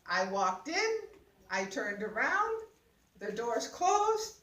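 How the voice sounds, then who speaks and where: Older woman, higher voice, animated storyteller, echoey room, mic set back. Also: takes it slowly. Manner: laughing, exclaiming, acts out voices. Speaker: guest sharing a personal story. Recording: roomy sound, mic at a distance.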